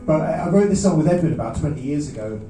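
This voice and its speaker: A man, a singer-songwriter chatting between songs at a live gig in a halting, self-deprecating way, with many restarts. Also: a little high, animated, warm tone, soft background music. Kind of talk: rambling between-song stage banter. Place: small live music venue. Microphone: stage vocal mic. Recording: roomy, distant audience recording.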